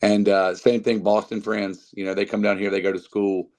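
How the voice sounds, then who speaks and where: A man's voice: fairly low pitch, level tone, normal speed, darkish tone. A man with a North Carolina Southern accent, chatting as a podcast guest and rambling with many fillers and restarts. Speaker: guest musician. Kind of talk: casual podcast chat.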